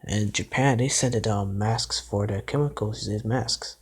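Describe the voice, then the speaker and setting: Husky man reacting indignantly. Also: lowish voice, unhurried. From Canada. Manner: exclaiming, indignant, talks back at the clip. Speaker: vlogger reacting to news. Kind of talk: casual reaction commentary.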